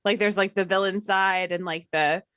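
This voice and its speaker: A woman's voice: mid-range voice, fairly even intonation, a bit bright, dry recording. Southern woman co-host, chatty, fillers, bone-dry close sound. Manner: chatty, giggly, halting with fillers. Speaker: podcast co-host. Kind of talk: casual podcast chat.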